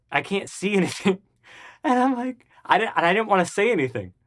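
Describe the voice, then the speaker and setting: A man guest in an interview, telling a story casually and acting out the voices of the people in it. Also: fairly quick. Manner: animated, acts out the voices of people in his story; jumps high and loud when excited.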